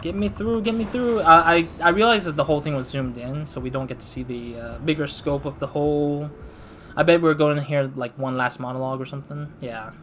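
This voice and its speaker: A man's voice: mid-range voice, brisk, a bit bright, a little hiss or hum. A young adult man hosting a let's-play, commenting casually in a self-deprecating, laid-back way. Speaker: gaming channel host.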